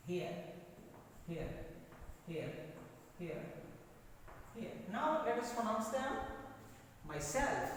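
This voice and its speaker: High-pitched male teacher drilling pronunciation, slow, far from the mic, really echoey room. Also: slight background noise. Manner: slow, drills words, repeats them for students. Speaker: English teacher. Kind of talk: classroom pronunciation lesson.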